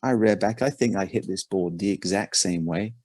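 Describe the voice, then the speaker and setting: An English man, a performance coach, tells an animated story in a podcast interview, often repeating his words. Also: deep voice, normal speed, no room sound. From England.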